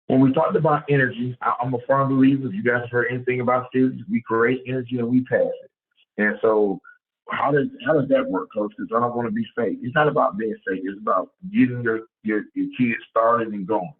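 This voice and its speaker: A man who coaches high school football, giving a lively, conversational clinic talk and repeating words as he goes. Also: fairly quick. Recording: tinny phone-like sound.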